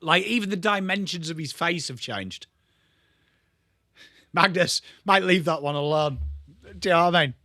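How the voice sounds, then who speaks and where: A young man hosts a live football watchalong, chatting with viewers by name and swearing freely as he calls the play. His voice sits a little high for a man and has a bright, forceful edge. The sound is close and dry, with almost no room around it. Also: moderate pace, pauses often, dry recording. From England. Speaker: watchalong host. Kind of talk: casual live football commentary and chat.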